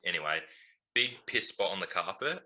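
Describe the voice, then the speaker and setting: A low-pitched man with a bright, forceful tone, co-hosting a casual podcast. He rambles through a story with frequent ums and laughs, talking like he's among mates. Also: lively intonation, normal speed. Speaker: podcast co-host.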